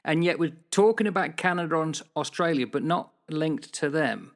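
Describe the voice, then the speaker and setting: A man's voice: a little high, moderate pace. A man co-hosting a casual political chat podcast, cracking dry one-liners and posing rhetorical questions. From United Kingdom. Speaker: podcast co-host.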